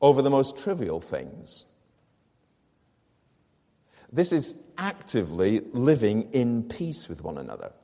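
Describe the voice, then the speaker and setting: Man, preacher, sermon, expository, rhetorical questions, warm mellow tone, church reverb. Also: mid-range voice, breathy edge.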